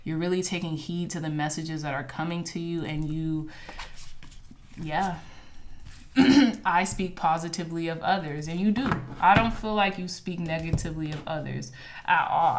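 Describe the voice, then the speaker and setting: A woman giving a casual, encouraging tarot reading to her viewers, reading card affirmations aloud with chatty asides. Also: deep voice. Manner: chatty with fillers and asides like "child" and "okay". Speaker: tarot reader.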